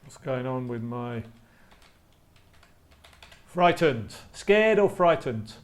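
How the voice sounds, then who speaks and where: Male teacher, slow and deliberate, mid pitch, repeats words. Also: expressive. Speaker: English teacher. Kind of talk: live online class.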